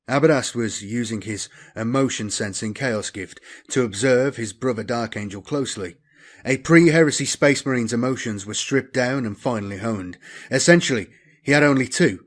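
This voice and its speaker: A man narrating a science fiction novel as an audiobook in a steady, dramatic reading that often drops quieter at the ends of phrases. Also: mid-range voice, moderate pace.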